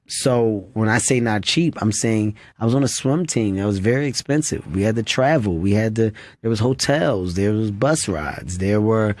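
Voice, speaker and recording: A man's voice: mid-range voice, a little mellow, no room sound. A comedian guest, a man, telling candid stories in a studio interview, earnest and repeating phrases as he goes. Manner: earnest, repeats phrases, acts out others' voices.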